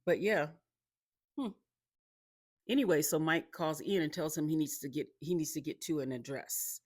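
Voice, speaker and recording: A man's voice: on the high side, moderate pace, dry recording, clean studio sound. A man casually recapping a TV episode, rambling with lots of ums and restarts and chuckling along the way.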